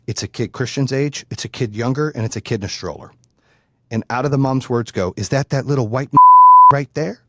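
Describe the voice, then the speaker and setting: A man in his forties hosting a podcast, telling stories in a casual, profane, animated way. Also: mid-range voice, a little hiss or hum. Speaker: podcast host. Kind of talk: casual chat.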